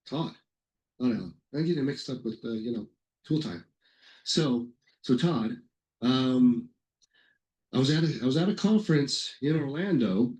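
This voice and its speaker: A middle-aged man presenting a software webinar in a casual, rambling way, telling anecdotes with lots of fillers and self-corrections. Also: medium pitch, rough recording.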